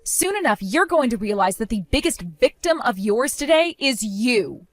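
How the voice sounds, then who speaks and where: A woman narrating her own dramatic story, speaking in a cold, indignant and forceful way. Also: a little high, animated, moderate pace, dry recording. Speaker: narrator of a first-person story.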